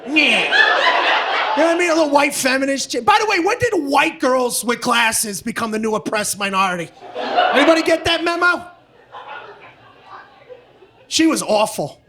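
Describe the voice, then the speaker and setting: A male stand-up comedian with a very high-pitched voice, ranting in a brash, profane style. He works the room on a stage mic with clear audience noise behind him. The set is loose and combative. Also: expressive, moderate pace, pauses often.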